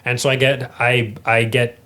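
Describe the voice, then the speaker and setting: A man, a guest actor, telling a story in casual chat, animated and swearing often. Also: mid-range voice, moderate pace. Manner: animated, swears often, acts out quoted dialogue.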